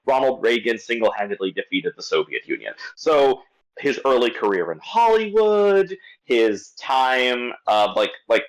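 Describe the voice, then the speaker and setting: A man on a casual podcast, picking apart a film with mounting exasperation. His pitch leaps around lively as he restarts sentences mid-thought. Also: unhurried, poor audio. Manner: animated, exasperated rant with many restarts. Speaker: podcast movie critic.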